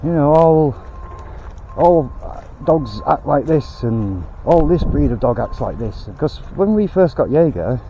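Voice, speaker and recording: A man's voice: fairly high pitch, very animated, unhurried, mellow, dull audio, a little hiss or hum. A man vlogging outdoors on a canal towpath, ranting bluntly in a rambling way and swearing now and then. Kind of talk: casual rant while walking.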